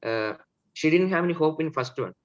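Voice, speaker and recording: An acting student answers haltingly and searches for his words. His voice sits a little high. The audio is dull and lo-fi. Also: animated. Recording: lo-fi call audio.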